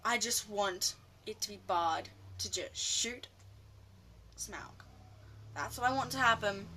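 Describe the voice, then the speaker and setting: A woman ranting casually about a film, rambling excitably and often losing her train of thought. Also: medium pitch, slow pace, long pauses, slight background noise. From Australia. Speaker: vlogger.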